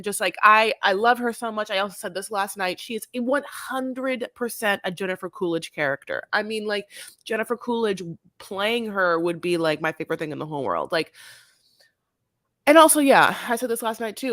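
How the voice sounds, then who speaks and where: A woman's voice: mid-range voice, moderate pace, a bit bright, no room sound, studio quality. A woman co-hosting a casual recap podcast, talking in a sassy way, swearing freely and calling people honey. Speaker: podcast co-host. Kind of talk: casual reality-TV recap chat.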